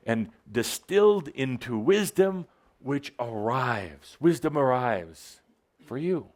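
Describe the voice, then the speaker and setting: A man giving a channeled spiritual talk to a live audience, playful and theatrical, teasing the listeners, his voice jumping up and dropping low. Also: darkish tone. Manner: theatrical, playful, teasing, with big swings in pitch.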